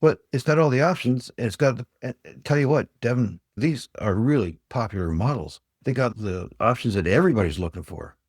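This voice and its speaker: An older man voicing an eager, pushy male used car salesman who makes a high-pressure pitch. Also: expressive, fairly quick, hardly any pauses, husky, no echo, studio quality. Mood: pressing.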